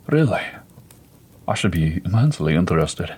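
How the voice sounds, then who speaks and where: A man's voice: sits low, very animated, normal speed, darkish tone, breathy edge, exaggerated voice. A man voicing a shaken male war veteran with shell shock in a read-aloud story, speaking in an eager, earnest way.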